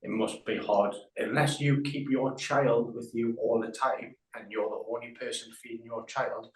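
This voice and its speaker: A man who is a guest tattoo artist, talking in a measured, reflective way in an interview over a video call. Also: mid-range voice, fairly even intonation, roomy sound, poor audio. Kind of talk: conversational interview.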